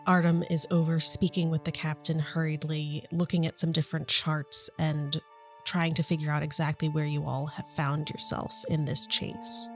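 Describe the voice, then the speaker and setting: Lady running a tabletop game, low voice, chill and giggly, faint music behind. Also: moderate pace. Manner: relaxed, chatty narration with giggles. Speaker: game master. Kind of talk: narrating a tabletop role-playing game.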